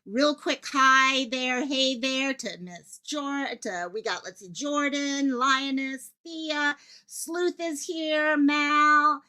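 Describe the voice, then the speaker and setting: A woman hosting a live stream from her home office, talking fast and excitedly and jumping between thoughts as she greets chat viewers. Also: high-pitched. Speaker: livestream host covering a missing-child case.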